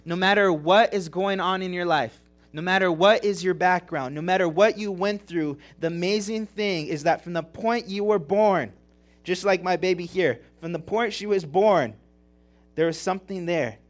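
Earnest young man preaching, fairly high voice. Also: moderate pace. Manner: earnest, emotional preaching with repeated phrases and rhetorical questions. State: tearing up. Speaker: pastor. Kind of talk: sermon.

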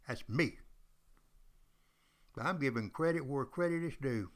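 Animated and fairly bright, this mid-range male voice moves at normal speed with long pauses. He's an older podcast host and former history teacher who tells history emphatically and folksily, repeating points and talking straight to the audience.

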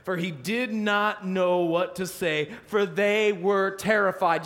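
Man preaching a sermon, high voice, animated and joking, long hall echo. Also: slow, hardly any pauses. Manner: animated storytelling with self-mocking humor. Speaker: pastor.

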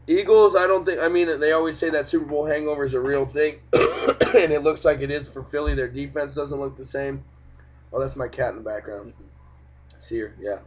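A man's voice: on the high side, normal speed, a little hiss or hum. Man ranting about football, lo-fi. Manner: profane, ranting, animated. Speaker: podcast host. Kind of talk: casual sports podcast chat. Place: home room, cat nearby. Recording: dull lo-fi home podcast recording.

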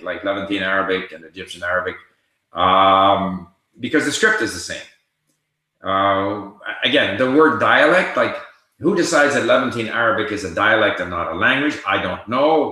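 Older male host answering viewer questions live; forceful, bright tone. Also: fairly low pitch. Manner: reads viewer questions aloud and answers conversationally. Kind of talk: casual livestream Q&A. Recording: very echoey room.

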